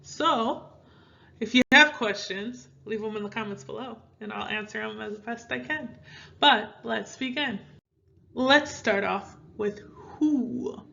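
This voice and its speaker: A woman giving a casual online lesson, chatty and repeating phrases slowly in two languages. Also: a little high, gravelly, pushed and bright, lo-fi sound. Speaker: Spanish teacher.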